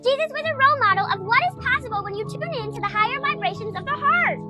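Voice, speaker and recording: A woman voicing a bubbly alien girl who greets humans in a high, sing-song voice, gushing and New Age preachy, from a social media video clip. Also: animated, fast talker, sharp tone, no room sound, clean studio sound, exaggerated voice. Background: music.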